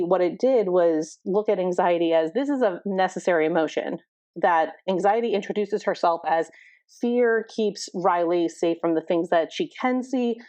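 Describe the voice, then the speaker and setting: A woman's voice: on the low side, a little mellow, no room sound. A middle-aged woman therapist, a podcast guest, explaining thoughtfully with many fillers. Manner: thoughtful, explaining with many likes and you knows. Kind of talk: conversational podcast interview. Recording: dull, dry podcast audio.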